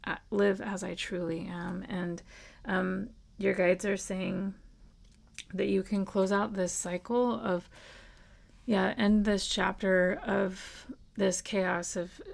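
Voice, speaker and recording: A woman's voice: mid-range voice, gravelly, darkish tone. A woman giving an earnest, reassuring tarot reading at home, speaking casually and with emotion. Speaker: tarot reader. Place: at home with a dog.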